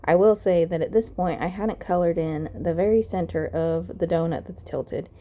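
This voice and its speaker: A young adult woman narrating a craft card-making tutorial voice-over, calm and methodical, her voice crackly from the early morning. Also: on the low side, moderate pace.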